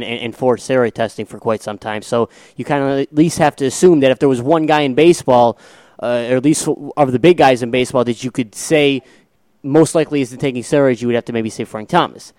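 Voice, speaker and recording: A man with a Chicago accent chats sports as a co-host, laid-back and a little self-mocking. His voice is smooth and clear, at an ordinary pitch, and he halts and restarts his thoughts. The sound is dry and close. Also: a little mellow, no room sound. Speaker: podcast co-host. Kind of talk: casual sports talk.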